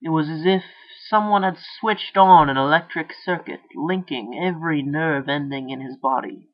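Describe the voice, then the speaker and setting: A man's voice: a little high, moderate pace. Man reading a story on a dull recording. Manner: voices characters with raised, louder dialogue. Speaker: narrator.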